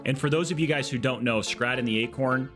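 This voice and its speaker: A man live-streaming a game, chatting casually in an excitable, joking, rambling way. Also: mid-range voice, fairly quick, over music.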